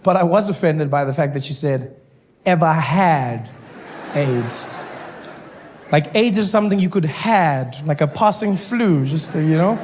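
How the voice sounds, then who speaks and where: A South African man telling stand-up stories into a stage mic, his voice pitched fairly high for a man. He moves in and out of quick character voices, with a faint ambience of the room behind him. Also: slight background noise. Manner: animated storytelling, shifts into character voices. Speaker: stand-up comedian. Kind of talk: stand-up comedy. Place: comedy stage before a live audience.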